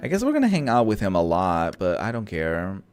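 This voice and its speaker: A gaming video creator talks over a video game in a low voice that swings hugely in pitch, a little fast, clear and resonant. He's casual and playful, teasing the characters and laughing at the dialogue, with soft music in the background.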